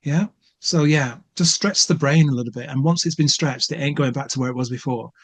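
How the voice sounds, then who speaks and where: A man's voice: mid-range voice, brisk. A man co-hosting a podcast. He speaks with plain enthusiasm and often stumbles and repeats words as he gathers his thoughts. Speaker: podcast co-host. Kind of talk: casual chat.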